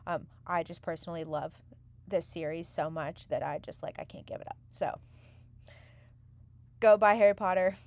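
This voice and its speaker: A woman's voice: low-pitched, fairly even intonation, a little fast. A woman chatting casually to camera from a small windowless bedroom as a book vlogger, full of "um" and "like" fillers.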